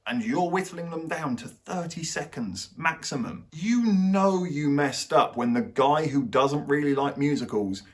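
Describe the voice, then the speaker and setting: A man's voice: a little high, unhurried, hardly any pauses. A young man giving a blunt, sarcastic film review as the host of his channel.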